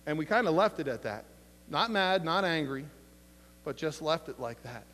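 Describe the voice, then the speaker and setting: A male pastor preaching a sermon, emphatic, with slow dramatic pauses and retold conversations. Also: a little high, lively intonation, fairly bright tone, a little hiss or hum. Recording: long hall reverb.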